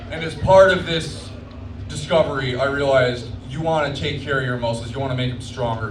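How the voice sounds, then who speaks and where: A man doing a crude, story-driven stand-up routine on a comedy club stage. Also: on the high side. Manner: crude, storytelling, builds to shouting. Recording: echoey club from far off with noise.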